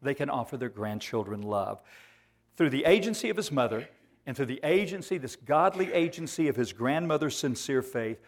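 A man's voice: medium pitch, animated. Emphatic male preacher. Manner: emphatic, repeats phrases, slows for key words. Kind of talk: sermon.

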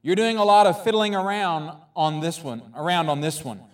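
A pastor reads as a fussing, doubtful male angel who questions the Lord gently. The reading sits a little above his usual pitch and keeps a skeptical, storybook feel. He stands some distance from the microphone. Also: normal speed, natural voice.

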